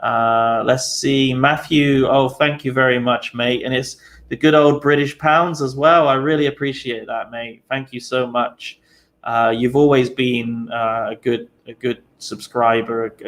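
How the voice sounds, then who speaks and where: Tired, gravelly young male streamer. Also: medium pitch. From United Kingdom. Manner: relaxed, chatty, many fillers, laughs easily. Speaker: live stream host. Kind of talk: casual live-stream chat.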